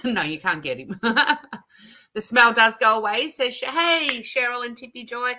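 Bright-voiced Australian woman chatting live. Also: medium pitch, unhurried. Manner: chatty, laughs often, reads viewer comments aloud. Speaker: livestream host. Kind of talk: casual live-stream chat reading comments.

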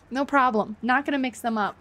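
A woman's voice: high voice, fairly bright tone. A woman live-streaming a game, chatting to viewers, swearing freely and laughing often.

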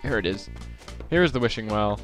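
A man's voice: fairly low pitch, lively intonation, moderate pace, faint music behind. A young man casually commenting on his gameplay, rambling and muttering asides to himself. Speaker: let's player.

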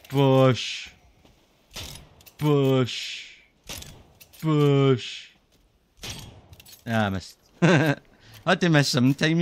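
A man streaming a zombie game, rambling and swearing with lots of laughs. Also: a little high. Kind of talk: casual gaming commentary.

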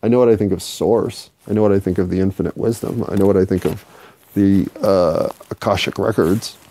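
A man's voice: sits low, steady tone, brisk, warm tone. A man hosting a solo podcast, rambling, swearing freely and joking at his own expense. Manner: rambling, profane and self-mocking. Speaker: podcast host.

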